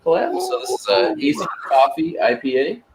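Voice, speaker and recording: A man's voice: a little high, wildly swooping pitch, moderate pace, heavy background noise. A man co-hosting a casual podcast, cracking jokes and swearing casually. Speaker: podcast co-host.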